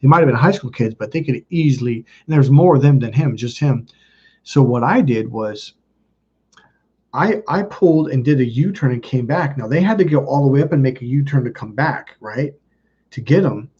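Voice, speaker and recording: Speaking to his live chat, this thirtysomething streamer rambles through a personal story, cursing openly and not mincing words. His medium-pitched voice has a dark tone and a breathy edge, expressive at a normal pace, all heard through muffled, lo-fi stream audio.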